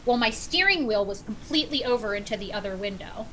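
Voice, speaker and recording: Woman guest, middle-aged, lively storyteller, bright higher voice, faint background hiss. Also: fast talker, low-quality recording. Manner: animated storyteller, acts out quotes. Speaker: podcast guest. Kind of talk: casual storytelling.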